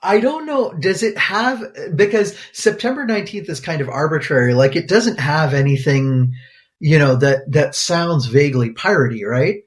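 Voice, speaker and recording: A man's voice: on the high side, moderate pace. A man co-hosting a podcast as a pediatric infectious disease doctor, rambling in casual banter full of fillers. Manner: rambling, many fillers, laughs easily.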